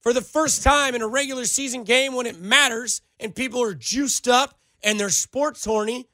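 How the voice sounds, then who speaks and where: A man's voice: very high-pitched, moderate pace, bright, forceful tone, no room sound. A male sports radio host talking with a sarcastic, riled-up edge.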